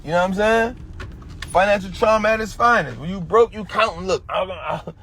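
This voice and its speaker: A man's voice: high voice, a little fast, bright, forceful tone, slight background noise. A man with an Atlanta Black American English accent, giving a preachy finance talk on a livestream in street slang, repeating his points. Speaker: finance educator.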